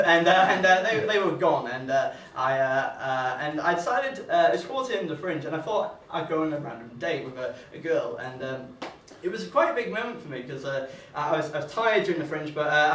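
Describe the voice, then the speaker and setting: A man's voice: on the high side, a bit bright, a little hiss or hum. Rambling young male stand-up comic. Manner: rambling, self-deprecating, full of fillers. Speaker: stand-up comedian. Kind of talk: live stand-up set. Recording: echoey room, mic from far off.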